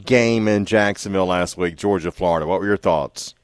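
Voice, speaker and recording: A man's voice: low voice, fairly quick, smooth, dry recording, clean studio sound. A man hosting a sports radio show, teasing his guest in folksy, joking banter.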